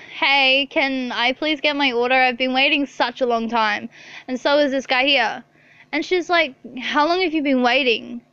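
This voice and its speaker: A woman's voice: sits high, pushed and bright, smooth, no echo. A young woman vlogger telling a casual storytime, chatty and exasperated, swearing freely. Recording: slightly dull lo-fi sound.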